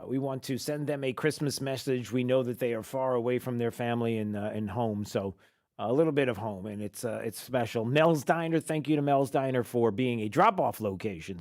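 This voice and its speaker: A man hosting a talk radio show, talking in a sarcastic, animated way. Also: mid-range voice, brisk.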